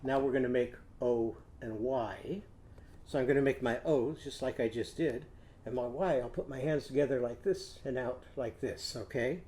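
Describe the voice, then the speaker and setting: An older man, a teacher, leading a children's phonics lesson in a gentle, patient way and prompting the kids to repeat after him. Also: medium pitch, moderate pace, a little hiss or hum.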